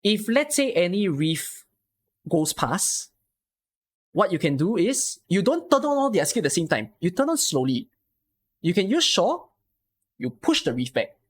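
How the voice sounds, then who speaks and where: A man talks through a strategy game, his pitch rising and falling in a very animated way. He keeps checking in with quick rhetorical questions as he coaches a viewer step by step. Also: breathy edge. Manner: explains patiently with many rhetorical questions.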